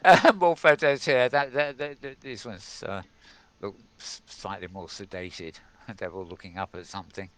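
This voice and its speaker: A man's voice: fairly low pitch, steady tone, moderate pace, a bit bright. A man hosting a casual tech news show, rambling and chuckling as he goes. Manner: rambling, chuckling, self-mocking.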